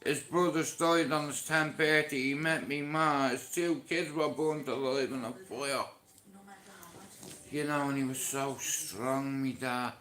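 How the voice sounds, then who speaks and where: A middle-aged man with an Irish accent recounts his family's story at an unhurried pace. His voice has a bright, forceful edge. He speaks bluntly and from the heart, swearing as he goes. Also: mid-range voice. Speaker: vlogger. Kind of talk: personal storytelling to camera.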